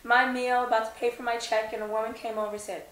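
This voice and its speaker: A woman actress telling a story in an excited, animated way during a casual interview. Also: a little high, fast talker, echoey room, rough recording. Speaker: actress guest.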